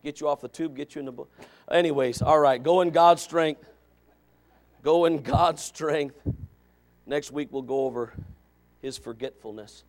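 A man preaching a sermon as associate pastor, folksy and joking, swinging from quiet asides to loud shouted exhortation. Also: medium pitch, brisk. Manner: folksy, joking, with sudden dramatic emphasis.

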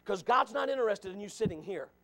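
Pastor, male, high-pitched; fervent preaching style that repeats and addresses listeners. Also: animated, fast talker, gravelly, pushed and bright. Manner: emphatic, repeats lines, calls out listeners by name. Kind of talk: sermon.

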